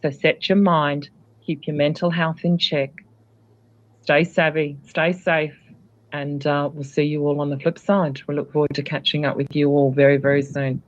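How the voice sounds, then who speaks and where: A man talks as a guest in an easygoing chat, circling his points with fillers and restarts. His voice sits at an ordinary pitch. The recording sounds dull and lo-fi. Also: level tone, moderate pace. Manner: rambling, hesitant with many fillers. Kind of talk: casual chat.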